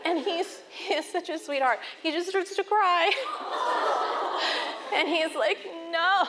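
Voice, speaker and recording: A woman in her thirties telling funny personal stories in an animated way, laughing often and acting out voices. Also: very high-pitched, a little slow, crowd noise. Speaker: speaker talking about overwhelm. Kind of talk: personal storytelling talk.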